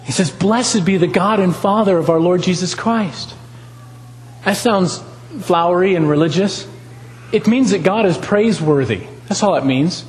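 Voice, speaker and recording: A man's voice: sits high, moderate pace, big-room sound, slight background noise, rough recording. A man preaching a sermon, talking with animation, asking the congregation questions and repeating lines for emphasis.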